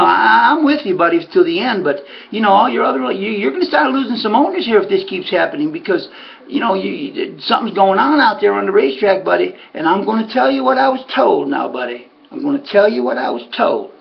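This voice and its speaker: A man's voice: high-pitched, creaky, muffled recording, pitched above the performer's own voice, heavily acted. A man imitating his horse owner, an older Southern man who drawls and keeps calling him buddy. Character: Ray, older male horse owner, folksy and confiding.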